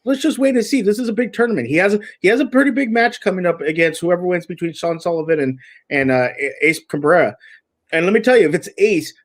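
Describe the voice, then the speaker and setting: A man's voice: high-pitched, fast talker. A young man co-hosting a casual podcast, talking eagerly and rambling with lots of restarts. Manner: excited, rambling with many restarts. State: chewing food. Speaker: podcast co-host. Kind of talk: casual chat.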